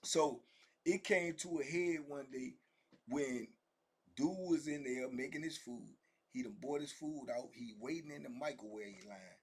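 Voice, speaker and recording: A man with a Southern US accent telling a prison story in a casual, animated way, acting out the men's voices. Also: unhurried, slightly rough. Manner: acts out the men's voices, rising high and loud for quoted shouting. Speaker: storyteller sharing prison stories.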